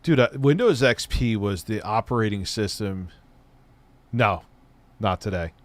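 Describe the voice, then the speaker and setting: A man in middle age with a somewhat low voice hosts a live stream. He talks in a loose, rambling, casual way and swears freely as he chats. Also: animated, a little slow. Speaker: streamer host.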